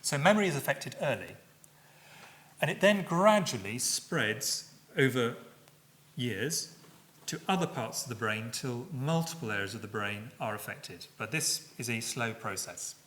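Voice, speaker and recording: Measured middle-aged man giving a lecture. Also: medium pitch, animated, a bit bright. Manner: measured, with frequent fillers and self-corrections. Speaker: public lecturer. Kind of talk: academic public lecture.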